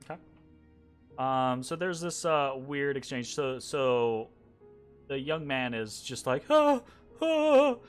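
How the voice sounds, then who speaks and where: A young man narrating as game master, animated and chatty with many fillers. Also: mid-range voice, slow, long pauses, clear, resonant tone. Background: faint background music.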